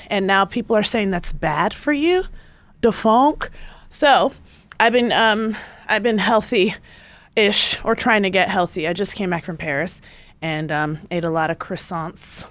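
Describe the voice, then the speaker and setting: A young woman hosts her own podcast, riffing in a playful, comedic monologue full of animated asides. Her voice sits in a middle register and is recorded close and dry, with no room sound. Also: mid-range voice, dry recording. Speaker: podcast host.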